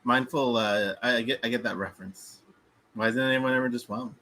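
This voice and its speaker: A man's voice: mid-range voice, fairly even intonation, fairly quick, pushed and bright. A man co-hosting a podcast, chatting casually in a playful, teasing way. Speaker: podcast co-host. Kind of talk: casual chat.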